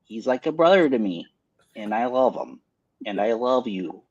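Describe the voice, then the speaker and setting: A man's voice: medium pitch, expressive, normal speed, darkish tone, muffled recording. A man, a podcast co-host, doing a put-on Upper Peninsula Michigan accent in a jokey, folksy, effusive sign-off. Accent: put-on Upper Peninsula Michigan (Yooper). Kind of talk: casual sign-off chat.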